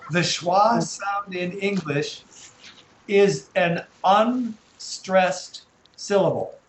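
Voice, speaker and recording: A man's voice: high-pitched, reverberant, a little hiss or hum, rough recording. American man teaching on a video call. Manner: patient, spells and sounds out words slowly. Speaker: English teacher. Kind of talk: online English lesson.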